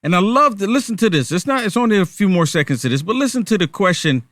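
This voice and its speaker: Guy hosting a commentary show, kinda high voice, dry close sound, snarky rhetorical questions. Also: animated, quick pace, fairly bright tone, no room sound. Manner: sarcastic, fires rhetorical questions. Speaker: host. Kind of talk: political commentary.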